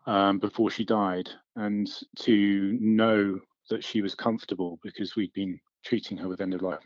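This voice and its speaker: A man, a hospital consultant, speaking in a measured way with frequent pauses. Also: on the low side, dry recording, dull audio. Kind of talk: interview.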